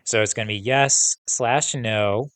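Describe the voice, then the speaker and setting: A male teacher reading a novel aloud to students, pausing to pose comprehension questions in a steady, instructive way. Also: mid-range voice, no echo.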